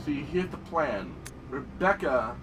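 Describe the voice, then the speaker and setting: A young man commentating his gameplay, excitable and profane, often yelling at the game. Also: a little high, slow pace, recorded from a distance, noisy background. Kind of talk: let's play commentary.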